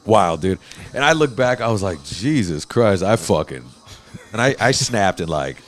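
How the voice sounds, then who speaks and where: A man with a fairly low voice, hosting a loose podcast chat. He tells animated stories and belts out the quoted lines. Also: normal speed. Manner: animated storyteller, acts out quotes loudly. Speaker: podcast host. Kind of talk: casual profane chat.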